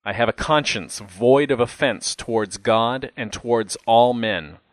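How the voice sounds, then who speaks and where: A man voicing a calm, solemn condemned man facing death. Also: medium pitch, unhurried, no room sound, natural voice.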